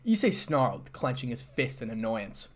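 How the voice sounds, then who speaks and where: A man narrating a fan fiction story aloud with steady storytelling delivery. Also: mid-range voice, normal speed.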